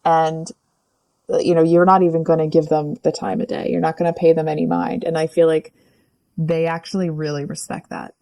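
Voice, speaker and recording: A lower-pitched woman talks through a tarot spread in a casual, frank way, getting animated as she goes. She keeps stopping to correct herself and checks in with the listener. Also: normal speed, vocal fry. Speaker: tarot reader. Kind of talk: casual tarot reading monologue.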